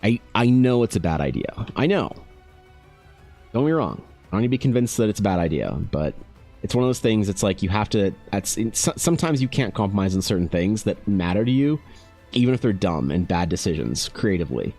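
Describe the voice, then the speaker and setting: A man's voice: on the low side, very animated, fairly quick, darkish tone, soft background music. A man, an artist, chatting casually with his live-stream audience, rambling and self-deprecating, often talking to viewers by name.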